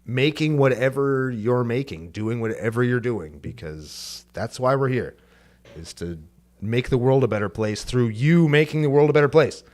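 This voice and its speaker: A man's voice: mid-range voice, normal speed, darkish tone. A man co-hosting a podcast in casual chat, earnest and a bit rambling. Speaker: podcast co-host.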